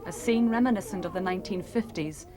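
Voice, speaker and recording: A woman narrating a documentary in a measured, grave scripted read. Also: medium pitch, a crowd in the background. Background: music.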